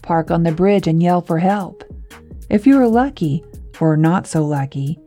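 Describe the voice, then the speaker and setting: A woman reading a scripted narration of local legends in a measured, even tone with light wry asides. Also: on the low side, faint music behind.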